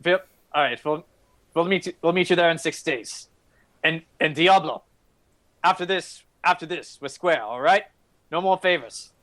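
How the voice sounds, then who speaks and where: Gruff mercenary leader played by a man, blunt, curt, stammers, slightly high male voice, tabletop role-play. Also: normal speed, fairly bright tone, lightly acted.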